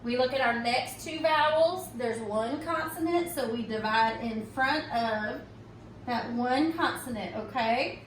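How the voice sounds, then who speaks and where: A woman with a high voice gives a recorded phonics lesson at an unhurried, patient pace, frequently stopping to ask "okay?". She sounds set back from the microphone in a noticeably echoey room, over a faint background hum.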